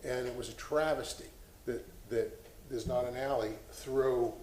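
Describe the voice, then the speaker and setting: An impassioned man speaks at a public board meeting and admits he is getting preachy. His voice sits at a middle pitch. The echoey chamber carries a faint hiss. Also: steady tone, a little slow, a little mellow. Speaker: board member. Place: city meeting room.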